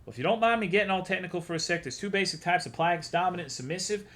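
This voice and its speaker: A man's voice: high voice, rapid-fire, a bit bright, voice pushed up. A man voicing a breezy know-it-all male scientist who explains things in a chatty way, while reading a visual novel aloud. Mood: breezy, explaining.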